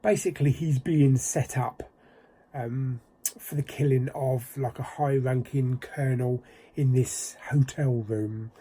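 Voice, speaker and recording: A man's voice: medium pitch, steady tone, unhurried, warm tone, slightly rough. A British man casually reviewing a film on his video channel, rambling, with lots of ums and likes.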